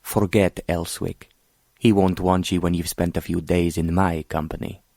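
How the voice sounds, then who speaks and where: A man's voice: sits low, flat delivery, normal speed, mellow, no echo. A man playing an arrogant scheming prince who speaks coldly and mockingly. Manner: mocking, cold, condescending. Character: cold scheming foreign prince, arrogant villain.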